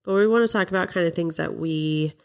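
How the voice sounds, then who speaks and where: A young woman co-hosting a podcast in casual chat, sounding nasal and congested from a cold, chatty and quick to laugh. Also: fairly low pitch, clear, resonant tone. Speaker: podcast co-host.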